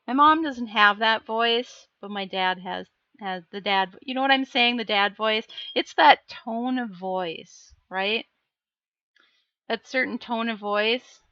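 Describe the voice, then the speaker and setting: A woman's voice: on the high side, unhurried, sharp tone, clean tone, dry recording, muffled recording. A woman live streaming as she paints miniatures, chatting casually and self-deprecatingly while answering her chat.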